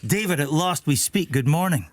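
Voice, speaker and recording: A man's voice: fairly high pitch, lively intonation, normal speed, no room sound. A man presenting live morning radio, joking wryly and reading listener messages aloud on a studio microphone.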